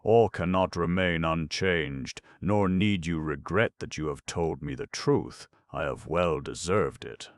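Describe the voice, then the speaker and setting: A man voicing a gentle, weary nobleman who speaks in a quiet, resigned way. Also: low-pitched, unhurried, few pauses, no echo.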